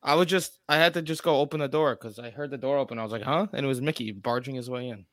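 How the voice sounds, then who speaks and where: A man's voice: mid-range voice, fast, a bit bright, no echo, studio quality. A man co-hosting a casual sports podcast, chatty and upbeat. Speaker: podcast co-host.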